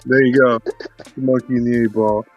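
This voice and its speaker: A man's voice: mid-range voice, little pitch movement, brisk, dull audio, soft background music. A man telling a long, profane joke in casual chat, rambling and full of fillers. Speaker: co-host.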